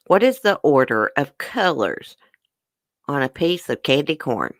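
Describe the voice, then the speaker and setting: A chatty livestream host reads trivia questions aloud and answers viewers' guesses, mouth now and then full of food. The voice sits at a middling pitch. The sound is dry and close, with no room around it. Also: very animated, unhurried, no echo. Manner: talks while chewing a brownie. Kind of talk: casual livestream trivia chat.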